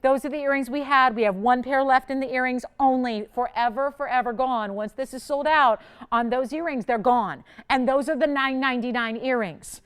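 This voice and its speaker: A woman hosts a live home-shopping show from a TV studio. Her voice is smooth and a little high, and her delivery is chatty and excitable, with steady pressure to buy right away. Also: moderate pace. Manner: chatty and excitable, pushing urgency. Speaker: shopping channel host.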